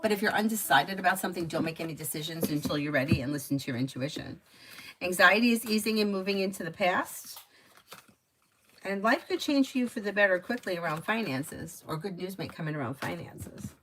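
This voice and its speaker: A woman reading tarot on a relaxed live stream, talking in a chatty, advice-giving way full of "like" and "you know". Her voice sits a little low. A faint hiss of background noise runs under her voice. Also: brisk, low-quality recording. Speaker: tarot reader.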